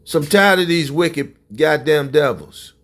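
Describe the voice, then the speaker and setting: Forceful, fiery preaching man. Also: fairly high pitch, a little slow. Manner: confrontational, often shouting. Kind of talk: fiery religious commentary.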